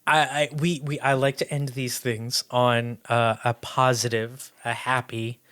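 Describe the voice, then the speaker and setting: A man's voice: mid-range voice, little pitch movement, unhurried, fairly bright tone, smooth. Guy podcast host at home, rambly, keeps laughing and restarting. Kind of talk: casual chat. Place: home, remote recording.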